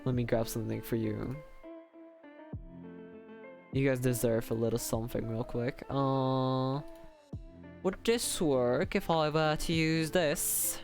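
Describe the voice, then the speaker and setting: A man's voice: medium pitch, fairly even intonation, takes it slowly, vocal fry, pauses often, darkish tone, faint music behind. A young man chatting casually on a livestream, rambling and self-deprecating with lots of fillers. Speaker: streamer.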